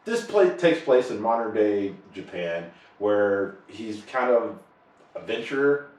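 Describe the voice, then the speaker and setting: Halting man in an echoey room. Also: lowish voice, very animated, darkish tone. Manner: halting, many fillers and restarts, laughs often. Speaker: podcast co-host. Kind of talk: casual chat. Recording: echoey room, far from the mic.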